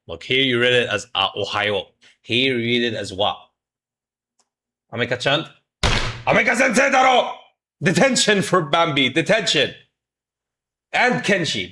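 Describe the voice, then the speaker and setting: Man, medium pitch, forceful bright tone; playful stream teacher drilling phrases. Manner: jokey, mock-scolds chat, drills pronunciation. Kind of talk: playful livestream lesson.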